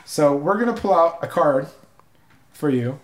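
A man's voice: a little high, animated, measured pace. A man hosting a casual interview podcast, laughing often as he talks. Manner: giggly, laughs often mid-sentence. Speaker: podcast host. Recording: roomy echo.

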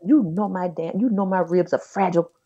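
A woman, co-hosting a podcast and telling a personal story in a chatty, animated way. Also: on the low side, a little fast, breathy edge, highs cut off. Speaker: podcast co-host. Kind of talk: casual chat, storytelling.

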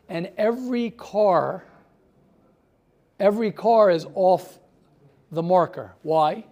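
A man teaching a yeshiva class, talking in a lively way, firing rhetorical questions and telling everyday stories. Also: high voice.

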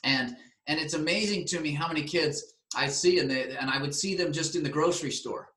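A man hosting a talk, enthusiastically promoting his seminar in an energetic, animated way. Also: a little high, brisk. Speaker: seminar host. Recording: roomy echo.

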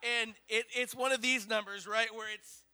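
Male pastor, 30s, high and piercingly bright voice, rambling animated storyteller. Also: moderate pace, smooth. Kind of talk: storytelling sermon.

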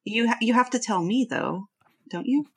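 A woman's voice: fairly high pitch, normal speed, breathy edge. A woman playing a tabletop game, casting spells and coaxing answers politely. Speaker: player. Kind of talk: casual tabletop game chat.

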